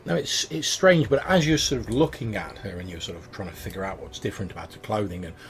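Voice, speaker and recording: A man's voice: lowish voice, quick pace, slight background noise. A man narrating a tabletop role-playing game as game master, describing scenes with frequent restarts.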